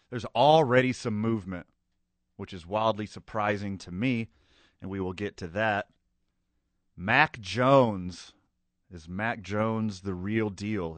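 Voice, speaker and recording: A man's voice: lowish voice, no echo. Upbeat male sports radio host. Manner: upbeat, joking banter. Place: radio studio. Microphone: studio microphone.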